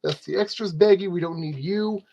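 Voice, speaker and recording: A man's voice: high-pitched, moderate pace, vocal fry, warm tone. A man narrating a model kit build in a casual, rambling way, scolding his tools and joking at his own expense. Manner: rambling, talks to objects, self-deprecating.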